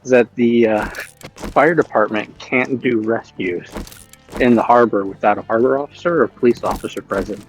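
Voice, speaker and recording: A man in casual gaming chat, easygoing and meandering, his stories full of "uh" and "like". He talks at a mid pitch with an unhurried, friendly pace. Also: faint music behind, low-quality recording. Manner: relaxed, rambling storyteller with frequent fillers. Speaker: streamer playing a survival game with friends.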